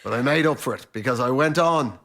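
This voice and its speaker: A man telling animated, self-mocking anecdotes as a guest on a comedy panel show. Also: mid-range voice, fairly quick.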